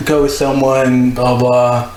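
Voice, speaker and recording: A man's voice: medium pitch, flat delivery, slow pace. Young man, guest DJ, casual rambling storyteller, frequent laughs, echoey room. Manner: rambling, laughs often, full of "like". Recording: echoey room with faint noise.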